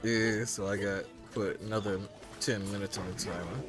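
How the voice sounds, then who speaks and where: Quiet, low-voiced laid-back streamer. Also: male voice, fairly even intonation, normal speed, over music. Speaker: streamer host. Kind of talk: casual stream chat.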